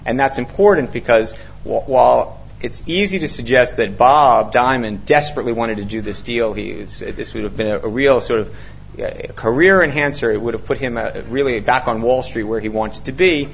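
Speaking at medium pitch and normal speed, this man has a creaky voice as he spins a long tale for an audience, animated and voicing the quotes, stumbling through many fillers and restarts. He's an author, and the dull lo-fi recording carries slight background noise.

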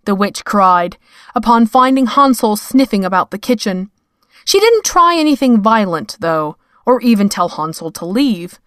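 A woman reading fiction aloud in a measured, wry storytelling manner. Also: mid-range voice, lively intonation, dry recording, clean studio sound. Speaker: narrator. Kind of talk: scripted fiction narration.

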